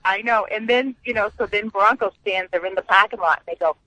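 A woman's voice: medium pitch, brisk, pushed and bright, no echo, lo-fi sound. A woman calling in to a radio talk show, chatting in an upbeat way about a fan tailgate she organizes. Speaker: caller, fan club organizer. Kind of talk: casual phone-in chat.

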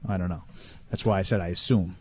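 A man co-hosting a sports talk show, dry and halting, often trailing off mid-thought. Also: low-pitched, steady tone, darkish tone, a little hiss or hum. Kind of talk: casual sports chat.

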